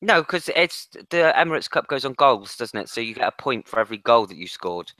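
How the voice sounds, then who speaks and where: A man's voice: mid-range voice, big pitch swings, fairly quick, sharp tone, no room sound. A man co-hosting a late-night football podcast, blunt and sweary, often restarting his sentences. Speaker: podcast co-host. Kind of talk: casual late-night chat.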